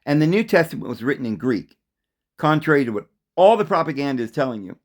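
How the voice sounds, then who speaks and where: A man's voice: sing-song, quick pace, no echo. Male host for a religious monologue: emphatic, insistent, dry close sound. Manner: emphatic, insistent, repeats points; acts out voices calling out a name in raised pitch. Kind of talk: solo religious talk monologue.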